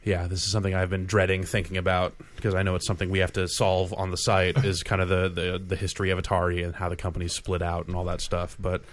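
Very deep-voiced man chatting excitedly. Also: quick pace, hardly any pauses. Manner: excitable, rambling, laughs often. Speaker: podcast co-host. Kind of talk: casual chat.

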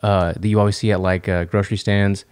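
A man co-hosting a podcast in casual chat, swearing and cracking quick jokes. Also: fairly low pitch, little pitch movement, a little mellow, clear, resonant tone, no room sound. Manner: swearing, joking, quick asides. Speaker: podcast co-host.

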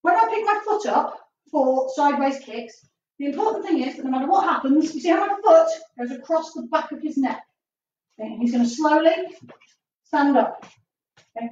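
A woman's voice: high-pitched, expressive, moderate pace, a little mellow. A woman martial arts instructor leading a live online stretching class, chatty and upbeat with jokey asides. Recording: distant, roomy, dull with faint noise.

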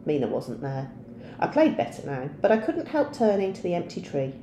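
A woman teacher reading a novel aloud in a steady storytelling voice. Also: lowish voice, moderate pace, roomy sound, slight background noise.

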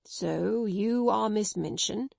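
A woman narrator gives voice to a storybook gentleman, kindly yet firm. He speaks slowly and deliberately, his temper held in check. The sound is dry and close. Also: medium pitch, gravelly, no room sound, exaggerated voice. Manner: measured, firm, restrained. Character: hot-tempered gentleman guardian, kind but firm.

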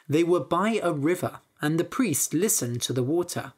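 A woman narrating a fairytale slowly and clearly for English learners. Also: deep voice. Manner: slow and expressive. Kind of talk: slow, clear storybook narration.

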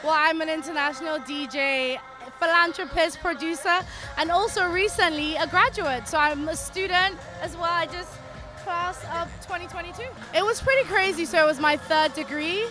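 A woman's voice: very high-pitched, normal speed, over music. A woman DJ chatting playfully in an outdoor interview beside her tour bus. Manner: playful, chatty, self-promoting. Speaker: DJ guest. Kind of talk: casual interview.

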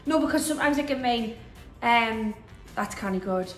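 A woman's voice: on the high side, moderate pace, reverberant, soft background music. A woman from Newcastle in England with a Geordie accent, cheerfully explaining slang and laughing in casual chat as a guest.

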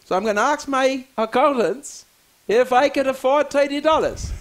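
A man's voice: extremely high pitch, normal speed. A man, hosting a talk show and ranting theatrically about politics. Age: 60s. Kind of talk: fiery political rant on talk radio.

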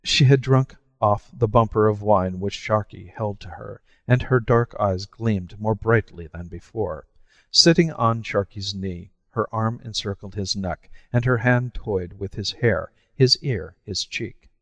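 Low-voiced male audiobook narrator. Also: fairly bright tone, no room sound, in a large hall, dull audio. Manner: measured storytelling. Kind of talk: scripted narration.

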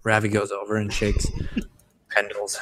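A man running a tabletop role-playing game as game master, narrating the scene with lively storytelling. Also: fairly low pitch, measured pace, recorded from a distance. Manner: lively storytelling, slipping into character voices.

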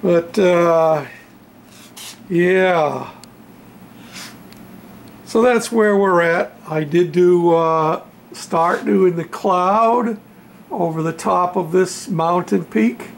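Man, hobbyist show-and-tell, gravelly, slow and halting, faint background noise, home workshop. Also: high voice. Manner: unhurried, halting, with many fillers. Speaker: model railroad hobbyist showing his painted backdrop.

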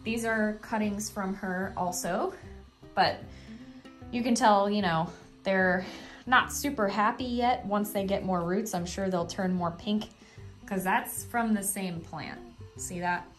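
A woman's voice: mid-range voice, slow pace. A woman talking casually and enthusiastically in a home how-to vlog, with plenty of fillers. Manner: chatty, enthusiastic, lots of fillers. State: breathing heavily. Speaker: vlogger. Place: home office room. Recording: echoey room, faint music.

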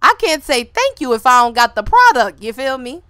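A woman giving casual, joking gameplay commentary, animated and laughing often. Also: high voice, moderate pace, clear, resonant tone, no echo, clean studio sound. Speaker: gaming YouTuber.

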